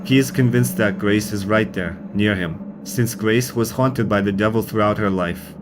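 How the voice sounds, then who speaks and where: A man reading a scripted narration of a haunting in an even storytelling manner. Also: lowish voice, moderate pace, background noise. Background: music.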